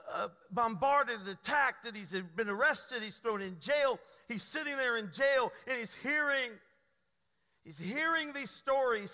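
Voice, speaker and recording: A man's voice: very high voice, pushed and bright. A man, a pastor, preaching a sermon and telling his own testimony in an earnest, emphatic storytelling manner. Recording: long hall reverb.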